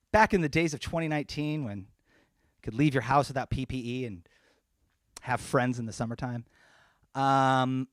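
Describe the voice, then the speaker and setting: A man's voice: medium pitch, no room sound, studio quality. A man talking casually between songs at a live-streamed concert in his apartment, then rapping with a punchy, rhythmic delivery. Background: loud hip hop beat.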